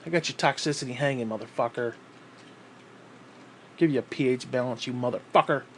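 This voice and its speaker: A man's voice: on the high side, slight background noise. Breathless man ranting with constant swearing. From New York State. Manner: profane, bitter ranting. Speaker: vlogger. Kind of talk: ranting vlog monologue.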